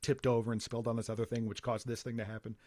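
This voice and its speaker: A man hosts a casual podcast conversation, winding through long, rambling explanations. His voice sits at an ordinary middle pitch. The sound is close and completely dry. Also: flat delivery, very fast, a little mellow, no echo. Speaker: podcast host.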